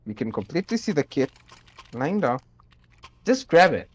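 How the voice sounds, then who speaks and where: A man's voice: on the high side, very animated, moderate pace. A young man commentating an online shooter match, chatty and explanatory with dry humor. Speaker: esports caster. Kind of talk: play-by-play commentary. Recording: faint game noise behind.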